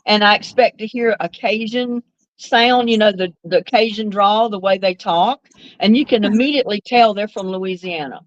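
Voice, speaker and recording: A woman's voice: mid-range voice, normal speed, no echo. Chat guest, woman, thoughtful and conversational, dry, dull lo-fi sound.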